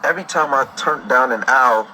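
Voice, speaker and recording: A bright-toned man tells a story straight to camera, still worked up about it. He builds suspense with a dramatic, agitated delivery. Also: medium pitch, fairly quick, a little hiss or hum, low-quality recording. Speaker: father telling a story. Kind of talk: storytime video.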